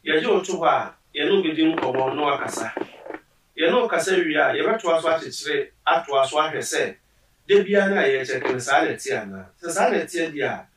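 A man's voice: fairly high pitch, expressive, fairly quick, crowd noise. A man, a health expert on a talk show, explaining patiently step by step. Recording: roomy, distant mic.

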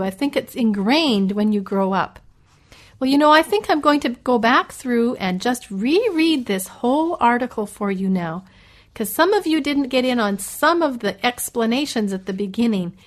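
A middle-aged Canadian woman with a Canadian accent, teaching English in a slow, careful way and reading a list aloud. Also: on the high side. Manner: slow and clearly spoken, reads a list aloud.

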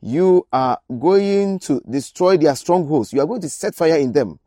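A man's voice: fairly high pitch, expressive, unhurried, dark tone, dry recording, studio quality, voice pushed up. A preacher voicing an old male prophet who foretells doom in solemn, emphatic pronouncements. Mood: foreboding.

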